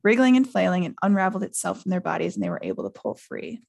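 A woman hosting a podcast, reading a novel aloud in a lively way. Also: fairly low pitch, quick pace, vocal fry. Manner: lively, laughs often. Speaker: podcast host.

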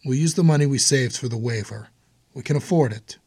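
Man doing an anxious young husband, audiobook, tense, defensive, husky. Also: mid-range voice, brisk, darkish tone, no room sound, pitched above the performer's own voice.

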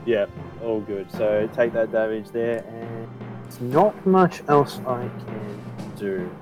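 A man's voice: medium pitch, takes it slowly, a little mellow, faint music behind, rough recording. A man playing a tabletop game, easygoing and a little hesitant as he describes his moves. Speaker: player. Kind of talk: casual tabletop play.

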